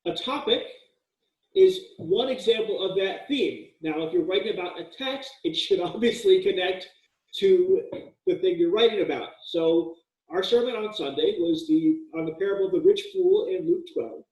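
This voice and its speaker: A man's voice: high-pitched, animated, moderate pace, darkish tone. Man, college lecturer, casual, jokey, fillers and restarts, roomy echo. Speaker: college writing instructor. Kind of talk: recorded lecture. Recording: echoey room, mic at a distance.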